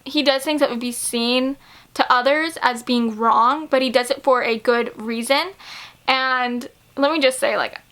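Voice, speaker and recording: A woman vlogger talks casually about books she loves, gushing and giggling as she goes. Her voice sits high and sounds bright and sharp. She often stumbles over fillers and restarts as she gets excited. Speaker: book vlogger. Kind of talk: casual chat to camera.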